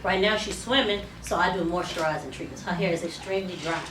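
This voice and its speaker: Speaking fast in a fairly low voice, a hair stylist chats through a salon demonstration step by step, with plenty of ums. Salon noise comes through on the roomy, distant mic.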